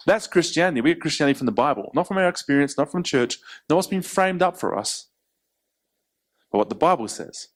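A man preaching a sermon in an animated way, acting out quoted voices. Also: a little high, brisk. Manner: animated, acts out quotes, laughs between points.

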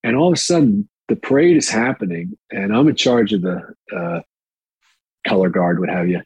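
A man's voice: lowish voice, moderate pace, a little mellow, husky, no echo, poor audio. A man telling candid, rambling anecdotes in a casual interview, profane and full of fillers, on a close mic. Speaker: actor and guest.

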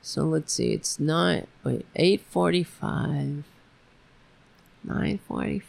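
A woman's voice: sits low, lively intonation, takes it slowly, gravelly, darkish tone. A woman hosting a political podcast, ranting alone in an angry, sarcastic, profane way with many restarts. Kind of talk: ranting solo commentary.

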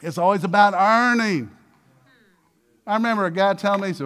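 A man preaching a sermon with lots of energy, acting out little dialogues and swinging between loud bursts and hushed passages. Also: high-pitched, brisk, clear, resonant tone. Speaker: pastor.

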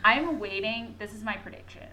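A young woman co-hosting a podcast, retelling a story excitedly with lots of fillers and swearing. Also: a little high, moderate pace, a crowd in the background, poor audio. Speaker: podcast co-host. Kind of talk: casual fandom chat.

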